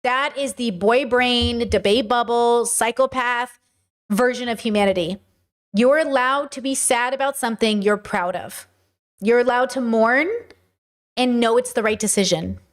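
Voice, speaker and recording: A woman's voice: on the high side, measured pace. A woman hosting a livestream, answering viewers' chat questions in an earnest, emphatic way.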